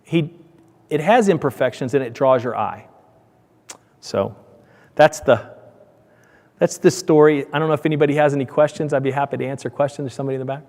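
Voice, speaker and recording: A man giving a conference talk, telling stories with lively acted-out voices. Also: brisk, long pauses. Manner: animated, acts out dialogue with raised pitch. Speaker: conference speaker, donut shop owner. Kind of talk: storytelling presentation. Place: conference hall. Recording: hall reverb from a conference room.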